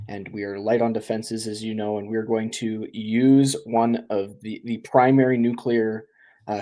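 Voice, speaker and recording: Flat-toned man briefing as an operative. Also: fairly low pitch. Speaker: player. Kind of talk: in-character tabletop role-play.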